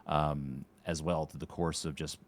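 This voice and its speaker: A man in his late thirties, a podcast guest who coaches tennis and streams, talking in an unhurried way with dry, sarcastic wit. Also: extremely low pitch, flat delivery. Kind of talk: casual interview chat.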